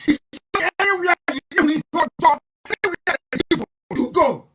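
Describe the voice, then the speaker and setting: A man addresses his audience in a live online broadcast. His voice sits high and carries a sharp, forceful brightness. He talks in a defiant, emphatic, combative way. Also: normal speed. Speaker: political broadcaster.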